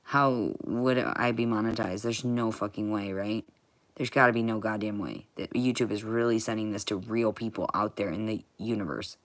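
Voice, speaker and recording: A woman vlogging in a rambling, profane monologue, swinging from muttering to shouting. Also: very deep voice, steady tone, moderate pace.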